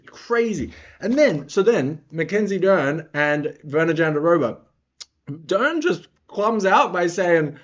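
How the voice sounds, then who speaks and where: A man's voice: high voice, measured pace, muffled recording. A man giving casual, rambling reaction commentary on fights as a vlogger. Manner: rambling, excitable.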